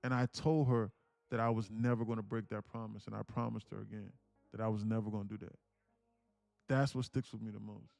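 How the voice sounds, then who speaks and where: A man's voice: lowish voice, little pitch movement, brisk, gravelly, darkish tone, no room sound, faint music behind. Earnest young man, close dry mic. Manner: earnest, preachy, repeats himself, swears casually. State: emotional, near tears. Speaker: day trading streamer. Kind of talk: emotional storytelling to a live stream.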